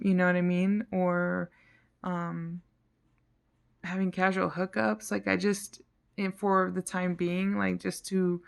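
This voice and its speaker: A woman with a lowish, gravelly voice vents in a casual vlog. She talks frankly and rambles, sounding tired and fed up, and now and then her voice sinks almost to a whisper. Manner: frank, frustrated, rambling, drops to near-whisper at times. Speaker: vlogger.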